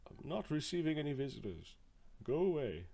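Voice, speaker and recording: A man's voice: medium pitch, lively intonation, normal speed, pitched above the performer's own voice. A man voicing a frazzled, paranoid man who hides indoors and gives muffled, fearful warnings. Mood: dismissive.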